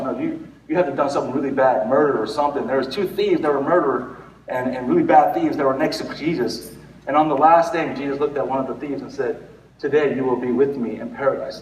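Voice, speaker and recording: A man's voice: medium pitch, a little hiss or hum. A male pastor giving a conversational sermon, rambling with restarts and fillers. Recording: echoey hall, recorded from far off.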